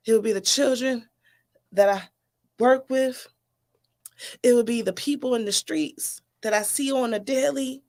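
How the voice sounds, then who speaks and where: Gravelly-voiced woman poet. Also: fairly high pitch, a little slow, pauses often, a little mellow. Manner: earnest, emotional delivery. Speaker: poet, guest. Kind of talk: spoken-word poetry recital.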